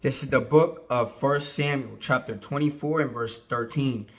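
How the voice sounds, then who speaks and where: A man leading an informal Bible study, reading old-style verses slowly and then explaining them in loose, conversational talk. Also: mid-range voice, steady tone. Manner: reads King James verses slowly, then explains in casual talk with frequent "right?". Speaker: Bible teacher.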